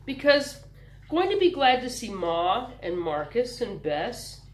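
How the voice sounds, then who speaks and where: A woman's voice: on the high side, very animated, slow pace, reverberant, voice pushed up, low-quality recording. A woman voicing a kind, patient teenage boy who speaks in a reassuring, thoughtful way.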